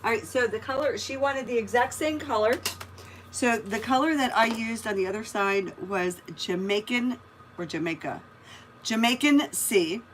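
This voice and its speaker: A woman's voice: on the high side, normal speed, a bit bright, a little hiss or hum. A woman hosting a casual live craft stream, chatting and greeting viewers by name as she works. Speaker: craft livestream host.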